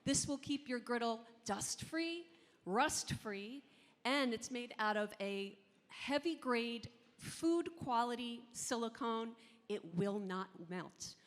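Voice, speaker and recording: A woman from New Jersey competing as an auctioneer, rattling off rapid rhythmic bid calls and pitching items to the room. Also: animated. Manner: rapid rhythmic bid calling, rising loud. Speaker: auctioneer contestant. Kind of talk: auction chant and sales pitch. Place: large convention hall. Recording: long hall reverb.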